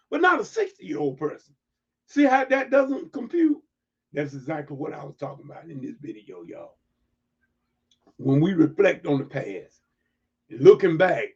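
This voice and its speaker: A man preaching reflectively to an online audience, emphatic and repeating words as he builds to near-shouts. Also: fairly high pitch, breathy edge, dull audio. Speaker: livestream preacher.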